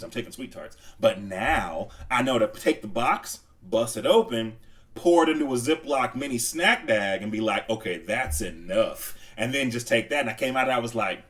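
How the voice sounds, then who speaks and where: On a casual movie-review podcast, a co-host with a mid-range voice, picked up from some distance, spins animated stories. He performs the quotes himself and keeps breaking into laughter.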